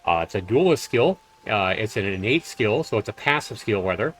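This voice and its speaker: A man's voice: fairly low pitch, lively intonation, normal speed, a bit bright, slightly rough. A man doing casual live commentary while playing a game, chatty and loose with fillers. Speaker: game streamer. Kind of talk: live let's-play commentary.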